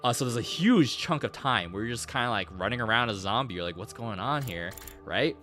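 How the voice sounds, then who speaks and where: A young man streamer recapping a game in a casual, rambling, excitable way, swearing and saying "like" a lot. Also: mid-range voice, fast, faint music behind.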